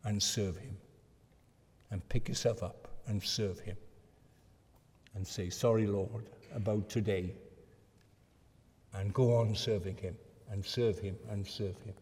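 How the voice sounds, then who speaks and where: A man delivers a sermon in a slow, deliberate way, his voice dark and mellow. He rises to fervent emphasis and then drops to a hush. The sound carries a long reverb, as in a church hall. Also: on the low side, fairly even intonation. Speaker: preacher.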